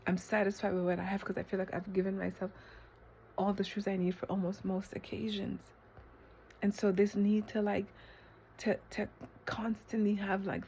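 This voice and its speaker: A woman talks to the camera in a loose, reflective monologue, full of fillers and false starts. Now and then she jumps to high, incredulous exclamations. A faint hiss sits under the recording. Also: darkish tone. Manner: rambling, filler-heavy, with sudden high exclamations. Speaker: vlogger. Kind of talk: reflective self-talk monologue. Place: eating ice cream while filming herself.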